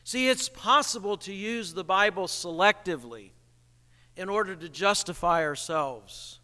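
A man preaching a sermon in an animated way, acting out the people he quotes. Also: sits high, a little slow. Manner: animated, acts out quoted voices, chuckles at the irony. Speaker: pastor. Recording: reverberant hall.

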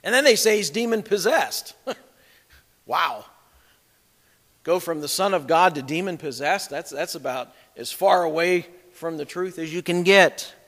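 A man's voice: a little high, animated, measured pace, fairly bright tone, in a large hall. A man preaching an expository sermon, emphatic as he reads scripture aloud and explains it.

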